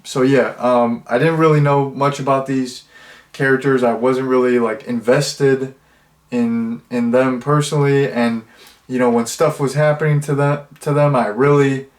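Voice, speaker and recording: Young male reviewer, mid-range voice, loose and rambling, full of filler words. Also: mid-range voice. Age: 20s. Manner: rambling, heavy with fillers and restarts. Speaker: movie reviewer. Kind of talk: casual spoken review.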